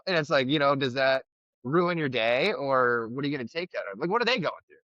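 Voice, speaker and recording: Guy rambling about recovery, bright edgy voice, kinda dull dry mic. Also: mid-range voice, fast talker, dry recording. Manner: rambling, frank, swears, many fillers. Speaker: podcast co-host. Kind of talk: casual recovery podcast chat.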